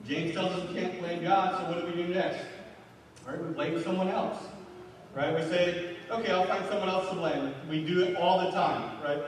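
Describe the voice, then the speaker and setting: A high-voiced man preaches in a loose, conversational way, often tagging "right?" onto his lines. He sounds distant from the mic, with heavy hall reverb and a faint hiss behind him. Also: level tone, moderate pace. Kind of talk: sermon. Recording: echoey hall from far off with faint noise.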